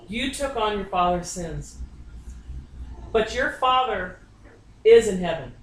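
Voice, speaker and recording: A woman's voice: mid-range voice, a little hiss or hum. A woman psychic medium giving a reading in someone's home, talking bluntly and insistently and swearing often. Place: inside a private home. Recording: echoey room, distant mic, faint ambience.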